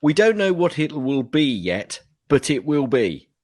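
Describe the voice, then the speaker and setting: A man's voice: fairly high pitch, very animated, a little slow, darkish tone. A man co-hosting a podcast in casual chat, joking and bantering. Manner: jokey, playful banter. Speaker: podcast co-host.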